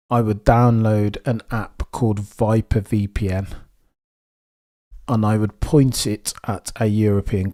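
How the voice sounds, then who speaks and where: Live on stream, a deep-voiced man from Birmingham, England, chats through a race in casual commentary. He's excitable and talkative, picking up viewer messages and replying to them.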